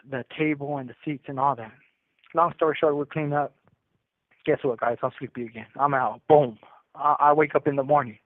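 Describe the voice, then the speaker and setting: A man's voice: fairly high pitch, no room sound. A man telling a story casually over the phone, using street slang and often restarting his sentences. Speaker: incarcerated storyteller calling in. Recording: tinny prison phone line.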